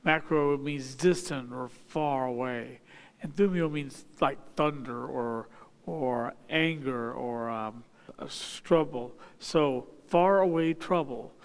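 A man preaching a sermon as a pastor. He reads scripture aloud, then explains it slowly, pausing often with fillers. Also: medium pitch, clean tone, big-room sound.

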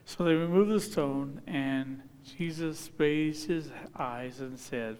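A man preaching a sermon with a slightly high voice, reading scripture and then driving his points home with loud, emphatic calls. His voice rings out in a church hall with long reverb. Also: slow, few pauses, clear, resonant tone. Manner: reads scripture aloud and builds to emphatic calls. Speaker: pastor.

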